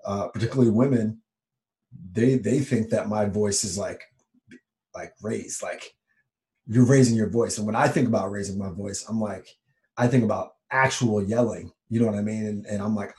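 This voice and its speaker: A man's voice: mid-range voice, moderate pace, darkish tone. A man co-hosting a podcast, speaking earnestly and reflectively, with frequent fillers. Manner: earnest and self-examining, with fillers. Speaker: podcast co-host. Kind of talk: reflective conversational podcast talk.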